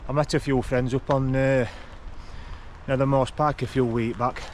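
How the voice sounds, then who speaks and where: A man's voice: mid-range voice, steady tone, a little hiss or hum. A man, out of breath as he chats casually while climbing a forest track for his hiking vlog. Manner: chatty, rambling, unhurried. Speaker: hiking vlogger. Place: forest track outdoors, walking uphill.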